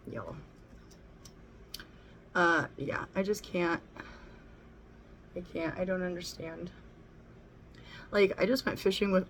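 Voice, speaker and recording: A woman's voice: on the low side, gravelly, a little hiss or hum. A middle-aged woman chatting bluntly and casually while doing her makeup at home, swearing freely as she talks. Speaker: beauty vlogger. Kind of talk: casual get-ready-with-me chat. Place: home room near the kitchen.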